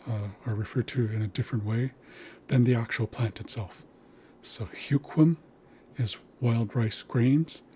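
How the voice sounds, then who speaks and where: A man's voice: medium pitch, darkish tone, slight background noise. A man teaching a language lesson, patiently spelling out sounds and words.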